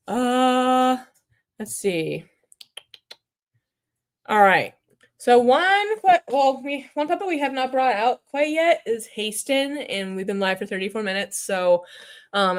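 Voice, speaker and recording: A woman hosting a casual livestream with puppets, chatting, reading comments aloud and muttering to herself while clicking around. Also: fairly high pitch.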